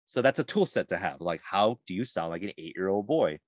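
Animated male voice actor, dry sound. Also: low voice, fairly quick, no echo. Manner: animated, lively storytelling with many fillers. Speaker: voice actor guest. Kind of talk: casual podcast interview.

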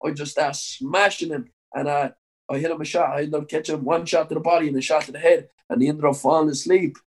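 A man's voice: fairly high pitch, steady tone, quick pace, low-quality recording. A young Irish man, a professional boxer, telling a long story in an interview, rambling with lots of "like" and frequent swearing.

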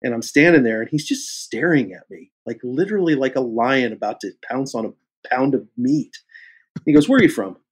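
A husky-voiced man from Kansas City at a middle pitch, chatting as a guest on an interview show. He tells anecdotes with lots of energy and jumps into the voices of the people in them. His delivery is loose and conversational. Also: moderate pace. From Kansas City, USA. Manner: animated storyteller who acts out dialogue with big swings. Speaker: actor guest. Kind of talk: casual interview storytelling.

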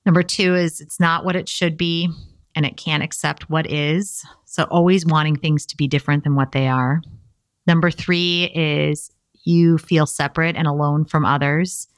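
A woman's voice: sits low, fairly even intonation, moderate pace, no echo, studio quality. A young woman talking earnestly and casually, encouraging listeners in a motivational self-help talk.

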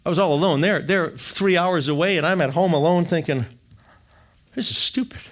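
A middle-aged man from Wisconsin telling his faith story in an animated, jokey storytelling manner. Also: a little high, a little fast. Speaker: speaker sharing testimony. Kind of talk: storytelling testimony talk.

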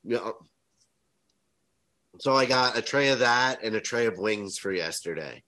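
A man chatting casually as a podcast co-host, telling stories in an animated way and swearing freely. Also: a little slow, poor audio. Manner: animated storytelling, swearing, rises high when excited. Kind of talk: casual chat.

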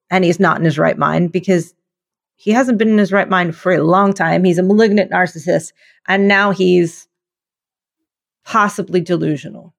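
A woman's voice: lowish voice, gravelly. A woman co-hosting a casual political chat, wry and sarcastic, thinking aloud as she goes. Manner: wry, deadpan sarcasm, rambling. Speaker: podcast co-host.

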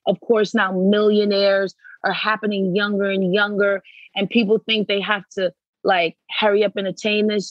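A woman guest in a casual interview, telling stories in an animated, emphatic way and repeating words for effect. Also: medium pitch, normal speed, no room sound, highs cut off. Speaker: podcast guest.

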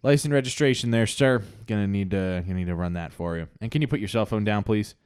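A man's voice: lowish voice, fast, darkish tone, clear, resonant tone, no echo, clean studio sound, natural voice. A man voicing a stern male traffic cop who gives brusque, bossy orders.

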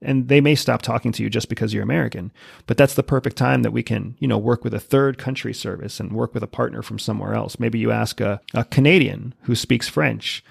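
A man's voice: mid-range voice, a little fast, gravelly, slightly rough, no echo, clean studio sound. A man who is a podcast guest, explaining things confidently in casual interview talk. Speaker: podcast guest, former spy.

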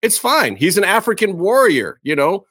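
A man co-hosting a casual wrestling podcast, talking in an animated, emphatic way. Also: high-pitched, moderate pace, breathy edge. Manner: animated, emphatic, repeats words. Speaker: podcast co-host.

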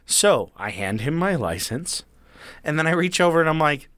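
Brief: man, 30s, animated and foul-mouthed raconteur, swooping pitch, dry close sound. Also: normal speed, no room sound. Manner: profane, animated storyteller acting out other people's lines. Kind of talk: casual storytelling chat.

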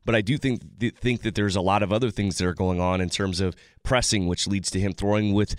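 Rambling low-voiced sports analyst man. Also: steady tone, fairly quick, smooth, no echo, clean studio sound. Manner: rambling with many restarts and fillers.

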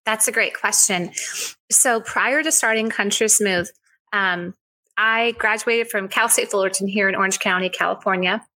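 A woman's voice: mid-range voice, moderate pace, pushed and bright, poor audio. A woman in her forties, a company founder being interviewed on a podcast, gracious and talking in long flowing runs. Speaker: whiskey company founder, guest.

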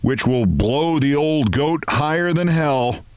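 A man voicing a meek, neat office clerk in a read-aloud story, calm and deadpan. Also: a little high, takes it slowly, smooth, dry recording, voice pushed up.

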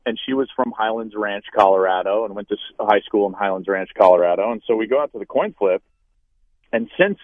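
A man in his thirties, a former college quarterback, telling a story as an interview guest, with lively acted-out quotes. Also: mid-range voice, no echo. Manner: animated storyteller, acts out quoted voices loudly. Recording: tinny phone-like line, dry.

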